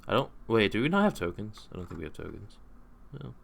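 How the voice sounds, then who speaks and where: A man running a tabletop game as game master, easygoing and quick to laugh. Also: fairly low pitch, big pitch swings, creaky, a little hiss or hum. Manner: easygoing, laughs often, stumbles when flustered.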